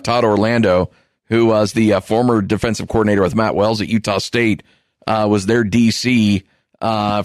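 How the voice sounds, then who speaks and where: A man's voice: fairly low pitch, no room sound, clean studio sound. A man co-hosting a sports podcast in an amused, conversational way, leading into the next topic. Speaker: co-host.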